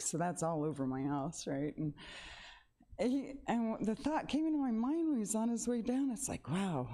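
Woman, middle-aged, warm low tone, emotional testimony close to tears. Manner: rambling and emotional, close to tears, laughs between sentences. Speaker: church member giving a testimony. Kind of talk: spoken testimony. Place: church sanctuary.

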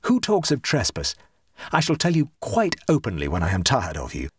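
A rapturous young gentleman in a storybook reading, as a male narrator puts him on. He speaks warmly and enthusiastically, with a husky edge to his voice. His pitch rises and falls freely, and the sound is dry and close. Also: huge pitch swings, normal speed, dry recording, exaggerated voice. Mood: hearty. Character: radiant, joyful young man, dreamy and rapturous.

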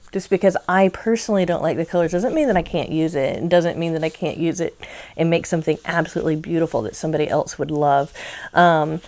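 A woman hosting a casual crafting unboxing vlog, talking in a chatty, rambling way with many ums and easy laughs. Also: sits low. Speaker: crochet channel host.

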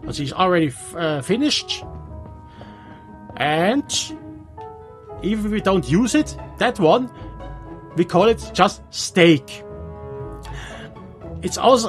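A man with a Swiss German accent, a native Swiss German speaker, giving halting gameplay commentary in English with many restarts. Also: high voice. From Switzerland. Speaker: let's player.

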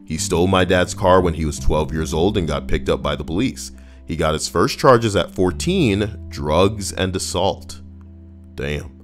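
A man's voice: low voice, unhurried, soft background music. A man streaming, chatting casually and joking as he reads viewer comments and a story aloud. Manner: joking and playful.

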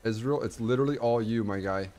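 A young man streaming a strategy game, talking to himself and chat, swinging from low muttering to excited yelling. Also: fast, soft background music. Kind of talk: casual game commentary.

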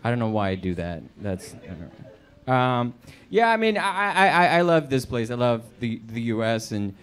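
A young Colombian man performing a stand-up comedy set on a club stage, jumping into quick put-on voices. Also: medium pitch, big pitch swings, fairly bright tone, smooth. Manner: quick asides and put-on voices for quoted people.

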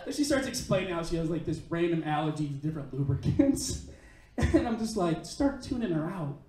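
A man's voice: fairly high pitch, very animated, brisk, warm tone. A man performing stand-up comedy on a club stage, telling a crude story in a brash, punchy way. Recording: echoey club heard from a distance. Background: audience laughter.

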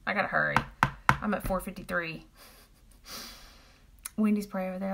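A woman's voice: fairly low pitch, fairly even intonation, fairly quick, creaky, long pauses, background noise. A woman chatting casually with viewers on a live stream while she applies makeup and talks about the products. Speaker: makeup seller doing a live demo.

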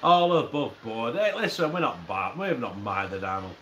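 A man's voice: medium pitch, animated, moderate pace, fairly bright tone, slight background noise. A man hosting a casual live stream, joking, swearing freely and reading out chat messages. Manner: swears a lot, jokey, reads chat messages aloud. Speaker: host.

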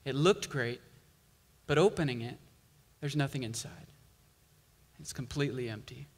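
A male pastor preaching a sermon, slow and emphatic, building intensity on key lines. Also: mid-range voice, long reverb tail.

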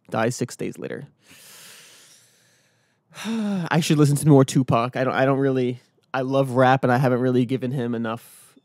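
An energetic man hosts his own daily vlog outdoors early in the morning, chatting casually on his own. He drifts from thought to thought and keeps slipping into motivational pep talk. His mid-pitched voice sounds dry and close, in a dry recording, and he also hosts a podcast.

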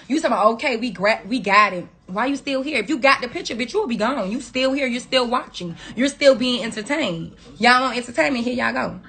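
A woman on a phone livestream, scolding her viewers in a profane, confrontational rant. Her voice is husky and breathy, with a tense, forceful edge, and it sits a little high for a woman. The sound comes through a phone mic. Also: lively intonation, a little fast, hardly any pauses. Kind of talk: angry rant on a social media livestream.

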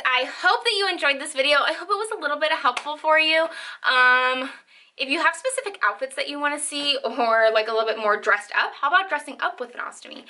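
A woman's voice: sits high, pushed and bright. A young woman vlogging casually to camera from a bedroom at home, chatty and reassuring, with frequent "um" and "like". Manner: chatty and reassuring, says "um" and "like" often. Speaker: lifestyle vlogger.

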